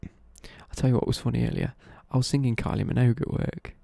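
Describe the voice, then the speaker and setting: A man's voice: mid-range voice, flat delivery, fairly quick, creaky, mellow, dry recording, in a whisper. A young man, chatting casually on a live stream, rambling, correcting himself and swearing lightly as he answers viewer questions. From East Midlands, England.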